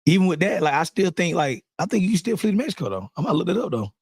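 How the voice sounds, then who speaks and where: A man co-hosting a podcast who talks fast in a husky voice, blunt and full of slang and swearing. The sound is dry and close, with no room echo. He jumps in over his co-host. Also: high-pitched, sing-song. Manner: blunt, slangy, profane, cuts in. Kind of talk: casual chat.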